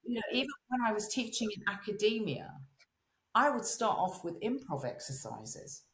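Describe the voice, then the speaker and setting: A woman, a voice and presence coach, chatting as an interview guest and telling animated stories in which she acts out the voices of the people she quotes. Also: mid-range voice, normal speed, reverberant. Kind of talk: casual interview chat.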